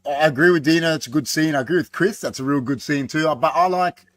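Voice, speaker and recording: A man leads a casual film chat and keeps it moving. He acts out scenes with quoted voices. His voice sits a little high for a man, and the sound is close and dry. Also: fast talker, no echo. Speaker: podcast host. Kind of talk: casual movie discussion.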